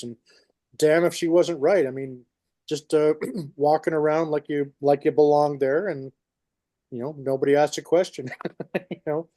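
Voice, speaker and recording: A man with a New York accent co-hosts a podcast, his fairly high, warm voice holding a steady tone at a moderate pace in a dry recording. In casual chat, he spins long, rambling stories with many restarts.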